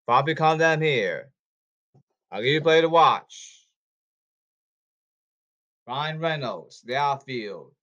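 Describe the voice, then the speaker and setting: A man ranting about baseball and social media in repetitive, halting bursts. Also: on the high side, lively intonation, pushed and bright, highs cut off. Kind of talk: rambling ranting commentary.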